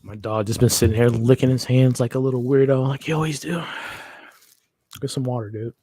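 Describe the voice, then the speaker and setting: A man's voice: medium pitch, steady tone, a little fast, mellow, breathy edge. Emotional man hosting a live watch-along. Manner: emotional, talks to chat and his dog, slangy. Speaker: live stream host.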